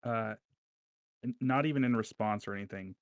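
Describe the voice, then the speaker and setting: Hesitant player, man, low pitch, dry close sound. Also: moderate pace, no echo. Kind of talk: casual tabletop game play.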